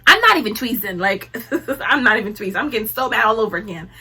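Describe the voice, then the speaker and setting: A woman's voice: a little high, animated, quick pace, music in the background. A young woman telling a personal story in a casual storytime vlog, laughing often and acting out what people said. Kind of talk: casual storytime while tweezing.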